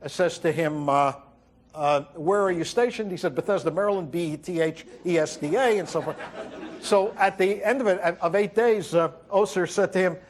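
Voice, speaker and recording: A man delivering a wry stand-up monologue as host, telling stories and acting out quotes with halting fillers. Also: a little high. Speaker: comedian host. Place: TV studio with audience.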